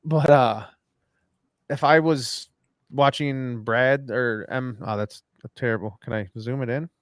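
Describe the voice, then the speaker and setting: A man's voice: mid-range voice, takes it slowly, no echo, studio quality. A man co-hosting a live podcast, chatting loosely and rambling, swearing casually. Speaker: podcast co-host. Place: at home after dinner.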